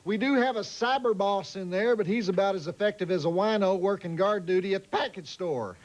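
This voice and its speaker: A man with a Southern accent hosting a late-night movie show with deadpan wisecracks. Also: sits high, a little fast, muffled recording. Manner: drawling, deadpan jokes. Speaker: host.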